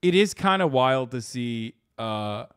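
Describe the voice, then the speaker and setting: A man's voice: medium pitch, lively intonation, slow, clear, resonant tone, dry recording, clean studio sound. A man hosting a stream, chatting casually with a blunt, sarcastic, profane manner. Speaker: streamer host. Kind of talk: casual reaction-stream chat.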